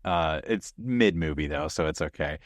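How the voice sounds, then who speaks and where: A man co-hosting a casual podcast chat, easygoing and quick to agree. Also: very deep voice, no room sound, studio quality. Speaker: podcast co-host.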